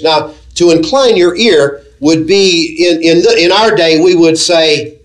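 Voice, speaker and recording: A man preaching a sermon to a congregation, earnest and measured, asking them questions as he teaches. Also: on the high side, low-quality recording. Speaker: pastor.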